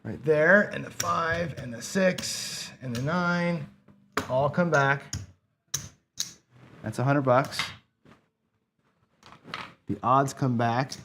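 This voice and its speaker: A man's voice: medium pitch, slow, vocal fry, long pauses, background noise. A man casually narrating his own craps game, counting chips and muttering frustrated asides to himself. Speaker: craps channel host. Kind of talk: casual play-by-play while gambling.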